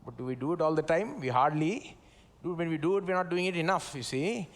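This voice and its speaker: A man with an Indian English accent and a notably high voice delivers a live sermon in a church service. He talks in a loose, conversational way, full of tag questions. He calls on the congregation to repeat his words back to him. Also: fairly quick. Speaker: pastor.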